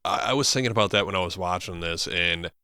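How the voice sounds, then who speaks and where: A man's voice: sits low, fast, sharp tone, dry recording. A man co-hosting a podcast, chatting casually and bluntly about a movie, swearing freely. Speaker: podcast co-host.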